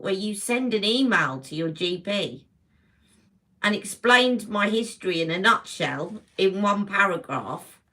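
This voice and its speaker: A woman hosting a casual beauty livestream, chatting warmly and greeting viewers by name as she talks. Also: mid-range voice. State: emotional, close to tears.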